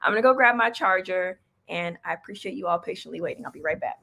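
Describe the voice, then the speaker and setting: A woman's voice: on the low side, fast talker, vocal fry, bright, forceful tone. Chatty woman hosting a casual livestream. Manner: chatty, loose, breaks off mid-stream, laughs often. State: out of breath. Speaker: livestream host and small business coach.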